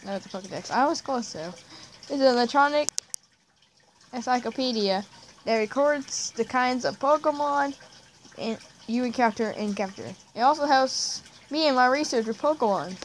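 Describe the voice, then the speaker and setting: A woman's voice: on the high side, moderate pace, a little hiss or hum, close to an everyday voice, low-quality recording. Woman reading as a friendly male professor, game dialogue read aloud, plain delivery. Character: friendly male Pokemon professor, welcoming and eager.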